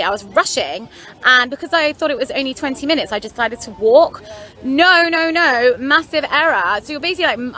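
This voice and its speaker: A woman's voice: high-pitched, pushed and bright. A young woman from London, telling a story to her vlog camera in a chatty, rambling way with frank, wry asides. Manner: chatty, rambling, lots of "anyway" and "like". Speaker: vlogger.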